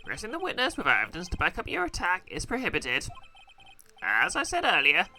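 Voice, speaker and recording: Casting: Mann als pedantischer älterer Richter, hell, förmlich, betont. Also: male voice, sits high, wildly swooping pitch, a little fast, sharp tone, slight background noise, voice pushed up, full character voice. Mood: stern.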